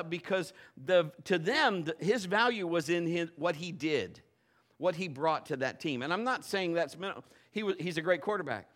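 Male pastor, high bright voice, dramatic storyteller who drops to a hush then shouts. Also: lively intonation, moderate pace. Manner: acts out stories, swings from hushed to shouting. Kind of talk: sermon with personal storytelling.

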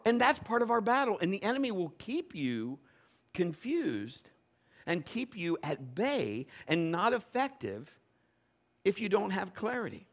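A middle-aged man, a pastor, preaching a conversational sermon and telling stories in an animated way. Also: high-pitched, measured pace. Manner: animated, conversational, acts out quoted voices. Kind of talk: storytelling sermon.

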